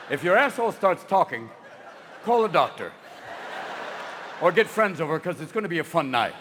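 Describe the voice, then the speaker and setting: A man doing stand-up on stage, riffing manically and breaking into sudden shouts. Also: high-pitched, in a large hall, background noise. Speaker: stand-up comedian. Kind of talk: stand-up routine. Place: large venue with live audience.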